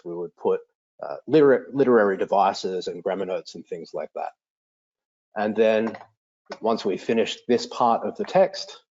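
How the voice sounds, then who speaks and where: Animated teacher explaining grammar. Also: male voice, dull audio. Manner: explanatory, enthusiastic, with lively pitch swings. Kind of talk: software demo for teachers.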